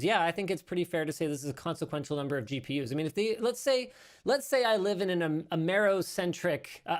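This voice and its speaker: A man hosting a casual tech news podcast, talking in an animated, rambling way and correcting himself as he goes. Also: fairly high pitch, moderate pace. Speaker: podcast host. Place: studio.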